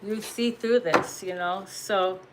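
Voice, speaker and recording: A woman's voice: mid-range voice, steady tone, slow pace, very noisy. A woman giving a casual spiritual message as a tarot reader, blunt and profane, laughing often and pressing her points with emphasis.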